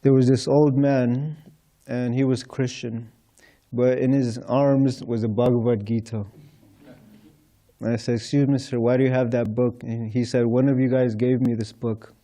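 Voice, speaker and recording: Dark-voiced man telling street stories. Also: mid-range voice, level tone, normal speed. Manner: anecdotal, retelling dialogues with chuckles. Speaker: temple speaker. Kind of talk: storytelling talk to a congregation. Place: temple hall.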